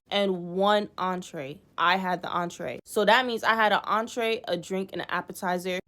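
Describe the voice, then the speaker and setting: A young woman recounts a bad date in a casual storytime, animated and exasperated, with frequent swearing. She acts out what others said as she goes. Her voice sits at an everyday pitch. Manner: animated, profane, exasperated retelling with acted-out quotes.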